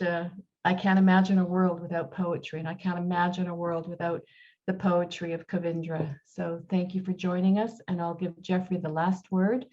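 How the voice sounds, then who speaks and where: A woman hosting a poetry evening gives chatty thanks to her guests. Her voice is fairly low, and the recording sounds dull and lo-fi. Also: darkish tone. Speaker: event organizer and host. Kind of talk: thank-you remarks at an online event. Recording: dull lo-fi audio.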